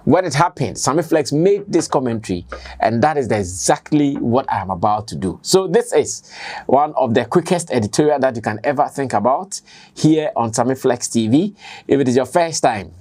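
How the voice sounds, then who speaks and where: A Ghanaian man hosts his own show and delivers spoken commentary. He is conversational and emphatic, and he keeps repeating his points. His voice sits at a middle pitch. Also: expressive, normal speed, darkish tone. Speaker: commentator and online show host.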